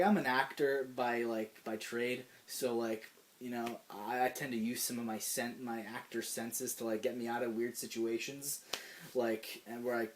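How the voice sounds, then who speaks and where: Young male co-host, mid-pitched, swearing storyteller, loose and animated. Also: a little hiss or hum. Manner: profane, animated storytelling with frequent "like". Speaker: podcast co-host. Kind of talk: casual ranting chat.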